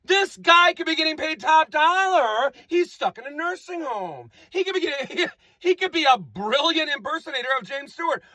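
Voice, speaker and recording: A man's voice: very high voice, expressive, normal speed, pushed and bright, no echo. A man rambling through an improvised comic monologue, repeating himself with playful wordplay.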